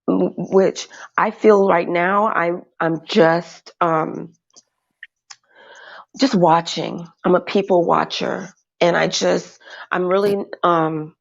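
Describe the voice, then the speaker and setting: Brief: low, gravelly-voiced woman, slow and hesitant panel guest, dull lo-fi audio. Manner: hesitant, halting with many fillers. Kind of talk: casual chat.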